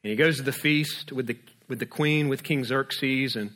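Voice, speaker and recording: A male pastor preaching a sermon, retelling a story lively and acting out its scenes. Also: medium pitch, moderate pace.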